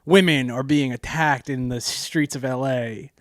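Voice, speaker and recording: A man's voice: mid-range voice, steady tone, unhurried, fairly bright tone, no echo, clean studio sound. A man co-hosting a casual comedy podcast, riffing crudely with lots of profanity and voiced impressions. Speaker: podcast co-host.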